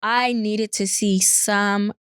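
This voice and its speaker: A woman's voice: medium pitch, steady tone, slow pace, a bit bright, clean tone, no echo, studio quality. Candid young woman podcast co-host. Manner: candid, repeats herself, slangy. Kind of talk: casual chat.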